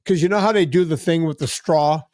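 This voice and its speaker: A man's voice: fairly high pitch, fairly quick, darkish tone, no echo, clean studio sound. A middle-aged man hosting a podcast, telling stories in a blunt, chatty way and often repeating words as he starts a sentence. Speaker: podcast host. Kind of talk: casual chat.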